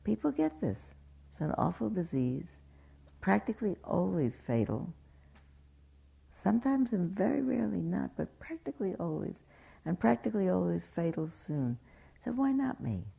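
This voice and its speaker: A woman's voice: lowish voice, big pitch swings, moderate pace, vocal fry, mellow, slightly rough, voice pushed up, heavily acted. A woman voicing her frank friend facing grave illness, candid and searching as she speaks. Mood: resigned. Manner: candid, searching, self-questioning.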